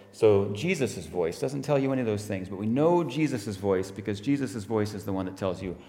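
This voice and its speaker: A minister with a lowish voice speaks in a friendly, explaining way to the children. The sound carries a long reverb through a large church hall. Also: male voice, a little fast, hardly any pauses, darkish tone, a little hiss or hum. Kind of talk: children's talk in a church service.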